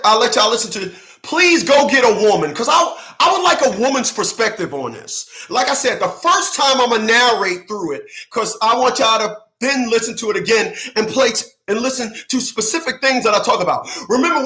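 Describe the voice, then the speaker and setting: A man hosting his own channel, ranting to viewers in loud, slangy, profane commentary and laughing often. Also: sits high, echoey room. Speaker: channel host.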